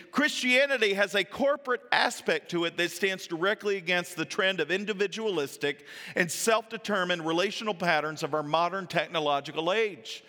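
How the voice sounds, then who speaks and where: A man in his thirties preaching a sermon to his congregation, with earnest emphasis that drops into quiet, personal asides. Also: sits high. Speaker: pastor. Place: church sanctuary. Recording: long hall reverb. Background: church hall.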